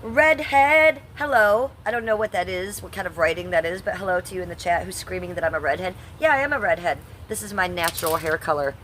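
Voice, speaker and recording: Talking fast with hardly any pauses, a woman in her fifties reads her stream chat aloud and bluntly answers it, swearing at hecklers in a combative manner. Her voice is fairly low and a bit bright, over slight background noise.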